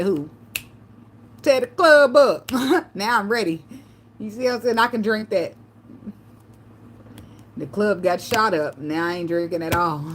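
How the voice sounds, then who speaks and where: Black lady rambling and cussing on her stream, laughs a lot, bit of hiss behind. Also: lowish voice. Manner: loose, profane storytelling with frequent laughter. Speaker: vlogger. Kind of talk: casual livestream chat.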